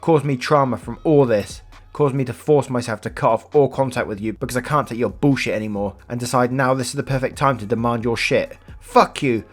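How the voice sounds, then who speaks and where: A man voicing an enraged nineteen-year-old woman who shouts and swears at her father. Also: medium pitch, voice pushed up, close to an everyday voice.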